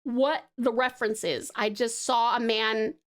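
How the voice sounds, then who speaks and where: A woman's voice: a little high, steady tone, unhurried. A woman from Tasmania with an Australian accent, chatting casually on a live stream. She is bubbly and affectionate, swears freely, laughs often, and rambles while sketching.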